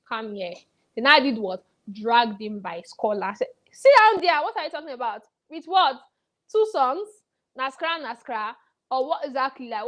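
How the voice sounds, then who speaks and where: A woman's voice: high voice, a bit bright, poor audio. A young woman, presenting celebrity gossip in a playful, teasing chat style and acting out the people she quotes. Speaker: entertainment news presenter. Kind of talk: chatty celebrity gossip commentary.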